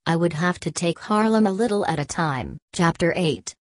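A woman narrating a novel as an audiobook in a steady, measured reading. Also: fairly low pitch.

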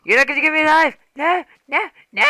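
A man's voice: extremely high pitch, fast talker, background noise, pitched above the performer's own voice. A man voicing a paranoid, panicky pig that is fleeing a player, his words climbing into frantic squeals. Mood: panicked.

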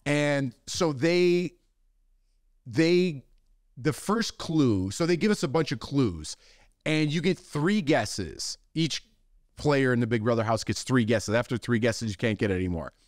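A man's voice: mid-range voice, animated, a little slow, dry recording, clean studio sound. A man co-hosting a podcast, chatting casually and playfully retelling a story, acting out the voices of the people in it. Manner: playful, quotes famous movie lines in put-on voices. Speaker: podcast co-host. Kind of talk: casual chat.

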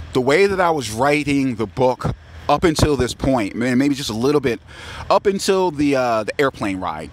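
A man's voice: medium pitch, slight background noise. Slangy, profane man recapping his book. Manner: slangy, profane, animated retelling. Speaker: author. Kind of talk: casual storytelling about his book.

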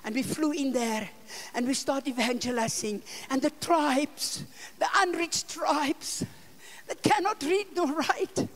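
An older woman with a South African accent, an evangelist telling a story in a sermon and acting out the dialogue with sudden loud and soft turns. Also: high-pitched, slow. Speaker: evangelist preacher. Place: church conference hall.

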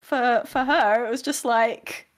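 A woman's voice: on the high side, fairly even intonation, slow. A woman guest in a casual remote interview, talking animatedly, often laughing and acting out quoted voices.

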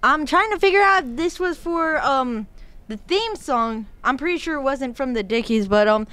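A woman's voice: high-pitched, animated, moderate pace, bright, forceful tone, no room sound. A woman guest on a casual podcast chat, talking chattily with lots of fillers and hedges.

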